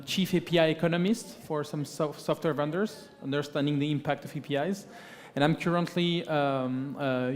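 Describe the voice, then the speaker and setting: A man speaking as a guest on a conference stage, his voice sitting a little higher than most men's. He talks hesitantly, with many fillers, and keeps tagging "right?" onto his points. His voice rings out with a long reverb in the large hall. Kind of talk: conference panel talk.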